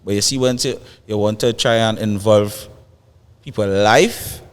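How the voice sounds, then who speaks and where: Low-voiced Trinidadian man, emphatic. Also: steady tone, a little slow, clear, resonant tone, big-room sound. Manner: emphatic, repeats phrases, dialect grammar. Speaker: guest musician. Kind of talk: casual chat.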